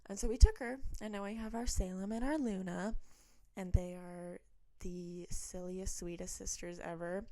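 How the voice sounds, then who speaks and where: A woman's voice: medium pitch, steady tone, moderate pace, warm tone, dry recording. A young woman who chats casually, wanders into rambling asides and reads stories aloud. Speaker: vlogger reading online stories. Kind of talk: casual chat and reading aloud.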